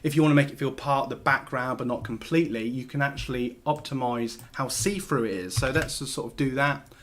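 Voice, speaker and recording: Man, host, casual tutorial, rambling, filler-heavy, mid pitch. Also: a little fast, a bit bright. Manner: chatty, loose, full of fillers and restarts. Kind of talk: casual screen-share tutorial.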